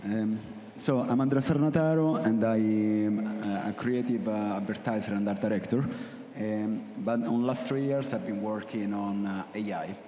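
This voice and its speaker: A man's voice: on the low side, normal speed, warm tone, slight background noise. A man with an Italian accent, a creative and art director, giving a nervous, interactive workshop talk to an audience. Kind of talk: live workshop presentation. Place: event hall with audience. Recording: echoey hall with long reverb.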